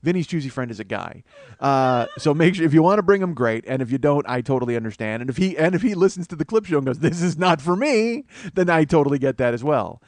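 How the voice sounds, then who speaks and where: A middle-aged man hosting a solo comedy podcast, rambling and profane, breaking into loud mock voices. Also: mid-range voice, expressive, fast, no echo. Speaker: comedian host.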